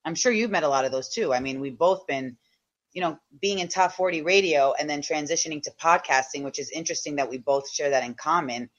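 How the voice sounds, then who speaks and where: A woman's voice: sits low, a little fast. Chatty woman on muffled call audio. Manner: chatty, frank, slangy. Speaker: guest, comedian and podcast host. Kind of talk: casual interview chat.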